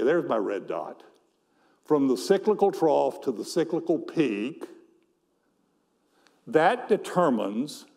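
An older man giving a conference presentation on economics, explaining his slides in a measured way and often repeating words as he goes. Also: on the high side, warm tone, big-room sound.

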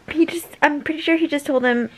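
A woman's voice: sits high, slight background noise, low-quality recording. A young woman vlogger reacting emotionally to a TV finale, gasping and exclaiming at the screen.

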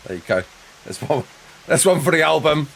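A young man chatting casually with viewers while playing a game live, quick to laugh and often restarting his sentences. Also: a little high, big pitch swings, creaky, a bit bright, slight background noise. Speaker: live streamer.

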